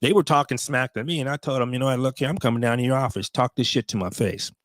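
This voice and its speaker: A man's voice: medium pitch, quick pace, no room sound. A man in his fifties, a veteran vlogger, tells a story to his viewers in a blunt, profane way, with emotional asides.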